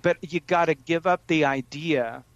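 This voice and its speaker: A man speaks earnestly as a parenting coach, his voice a bit higher than most men's. He often stumbles and restarts his sentences. The recording sounds dull and muffled, with a dry, close feel. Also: moderate pace, dry recording. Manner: earnest, with frequent restarts and stammered starts. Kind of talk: conversational advice.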